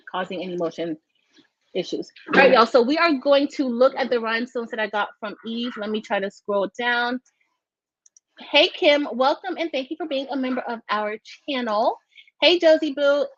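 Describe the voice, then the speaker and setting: A woman hosting a casual craft livestream, chatty, greeting viewers by name with bursts of high excitement. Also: moderate pace, long pauses, dry recording. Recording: dry, dull lo-fi sound.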